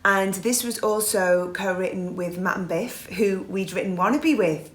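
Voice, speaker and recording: A chatty woman from England in her forties tells stories about her career as a pop singer. She has a middle pitch and an easy, laughing way of talking. The room around her sounds roomy and reverberant. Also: measured pace. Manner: chatty, warm-hearted storytelling with laughs. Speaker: guest singer. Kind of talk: casual interview chat.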